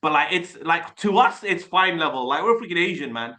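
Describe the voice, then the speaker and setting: A man in his forties from Birmingham with a Birmingham accent, Urdu as his first language, coaching a group on a video call in an energetic, chatty way and often restarting his words. He talks through a desktop webcam mic. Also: a little high, fairly quick. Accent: Birmingham English. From Birmingham, England. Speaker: sales coach.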